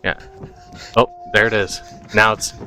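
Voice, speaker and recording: A man's voice: on the low side, flat delivery, unhurried, pushed and bright, faint music behind. A man hosting a reaction video, giving casual, skeptical commentary as he debunks what he watches.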